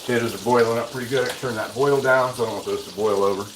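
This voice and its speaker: This man talks very fast in a steady, mid-range voice. Cooking at the stove in his home kitchen, he livestreams and chats in a loose, rambling way, restarting often as he responds to viewer comments. Behind him are a sizzling pan and running water, so the recording is noisy with frying sizzle.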